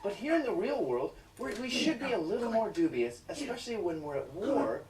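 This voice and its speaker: Sarcastic male comic, high voice, profane and mocking, recorded from a distance with faint hiss. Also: very animated, brisk, echoey room, a loud crowd. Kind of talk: satirical stand-up rant.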